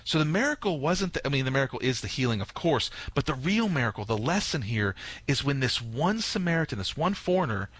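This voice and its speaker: A priest talking through a gospel reading on a radio show, animated and storytelling, acting out quoted lines. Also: male voice, mid-range voice, a little fast, dry recording. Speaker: priest, guest commentator. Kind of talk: radio talk on scripture.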